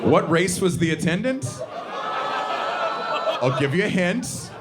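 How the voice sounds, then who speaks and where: A man from the Southern US performing a stand-up comedy set on a theater stage, with a sardonic, punchy delivery and sudden high-pitched outbursts. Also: sing-song, slow pace. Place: theater stage before a live audience. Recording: live stage recording with audience noise.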